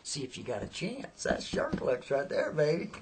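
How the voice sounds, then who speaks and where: A man's voice: fairly high pitch, huge pitch swings, normal speed, a little hiss or hum. A man telling a story in a folksy, chatty way, often turning aside to the listener. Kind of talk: casual spoken storytelling.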